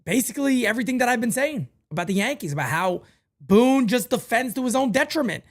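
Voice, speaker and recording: A male host of a fan show, emotional and ranting, swinging from low muttering to shouting. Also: expressive, quick pace.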